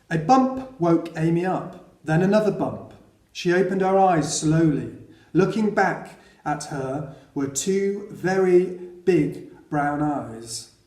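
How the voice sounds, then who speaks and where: A man reading a children's novel aloud in a steady storytelling way. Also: fairly high pitch, roomy sound. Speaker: audiobook reader.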